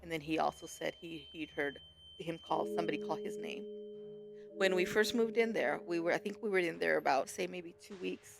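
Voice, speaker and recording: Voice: mid-range voice, brisk, vocal fry. A podcast guest rambling through an account of strange events at home, often correcting themself. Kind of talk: casual storytelling. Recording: music playing behind.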